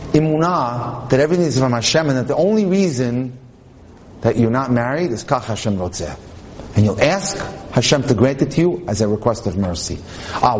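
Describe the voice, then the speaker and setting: A man's voice: a little high, a little mellow. A man giving an inspirational religious talk, telling stories and translating Hebrew quotes into English as he goes. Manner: mixes Hebrew terms into English speech. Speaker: religious lecturer.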